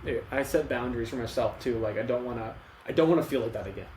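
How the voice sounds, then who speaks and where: A man's voice: medium pitch, fast talker, a little mellow. Rambling young man in an echoey room. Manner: rambling, restarts often, emotional retelling. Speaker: podcast co-host. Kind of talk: casual podcast conversation. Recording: echoey room, faint ambient noise.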